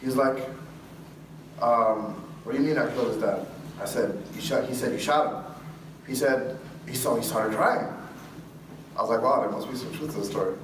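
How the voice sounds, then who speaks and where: A man speaking to a live audience, telling a story with lively acted-out dialogue and frequent laughs. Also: mid-range voice, normal speed, long pauses. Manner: animated, acts out dialogue, laughs often. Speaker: guest speaker. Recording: echoey hall from far off with room noise.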